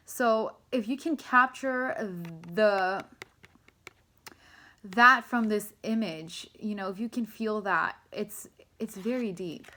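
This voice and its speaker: Young woman, tarot reading vlog, rambling, emotional, swears casually, bright clear voice. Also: medium pitch. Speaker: tarot reader.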